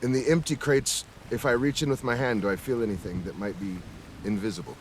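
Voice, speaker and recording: Man playing tabletop game, eager questions, mid-pitched voice, clear background noise. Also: fairly even intonation, fairly quick, low-quality recording. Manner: eager, asks many questions. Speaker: player. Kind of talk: casual tabletop play.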